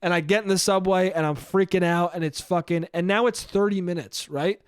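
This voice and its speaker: A young man hosts his podcast alone, telling a long story in a loose, animated way, swearing freely and acting out his own thoughts as he goes. His voice sits a little high for a man. The sound is close and dry, with no room around it. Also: a little fast, smooth, no room sound. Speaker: podcast host. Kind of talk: casual storytelling monologue.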